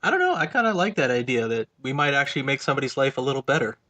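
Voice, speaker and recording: A man's voice: mid-range voice, big pitch swings, racing, bright, forceful tone, no echo. A man co-hosting a casual podcast, talking loosely with hedges and fillers. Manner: loose, hedging chat with fillers. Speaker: podcast co-host.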